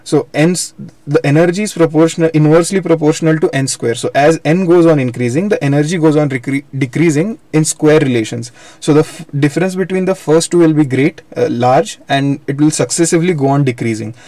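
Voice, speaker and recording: A man's voice: on the high side, a little fast, mellow, no room sound. A young man giving a live online physics lecture, explaining step by step and correcting himself as he goes. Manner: explanatory, repeats and self-corrects. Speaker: physics teacher.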